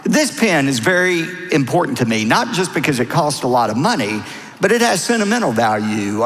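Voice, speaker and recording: A middle-aged pastor delivers a sermon in a church, his voice sitting a little high for a man. He swoops up and down with lively expression and acts out the people he quotes. The sound carries a long reverberant tail from the hall. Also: gravelly.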